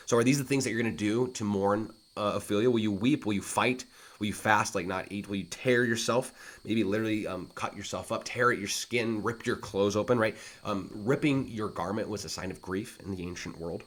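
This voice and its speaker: A man reading lines from a play aloud and explaining them in plain, casual terms, like a literature teacher. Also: on the low side. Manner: reads quoted lines slowly and louder, then paraphrases casually.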